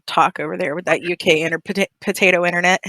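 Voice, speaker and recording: Teasing woman on a game call, bright voice, swears a lot, very dry close sound. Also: on the low side, fairly even intonation, fast, no echo, low-quality recording. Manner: laughing, teasing, swears freely. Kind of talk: casual chat before a tabletop game. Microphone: home setup over a voice call.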